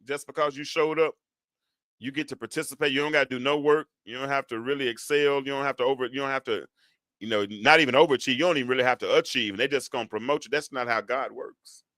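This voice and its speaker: A man preaching to his listeners, swinging from quiet reflection to loud, drawn-out exhortation. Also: medium pitch, fairly even intonation, no room sound. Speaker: preacher and show host.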